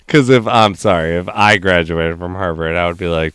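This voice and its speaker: A man's voice: low-pitched, a little slow, fairly bright tone, smooth, dry recording, studio quality. A man hosting a gaming stream in casual chat, laughing often and swearing as he tells stories.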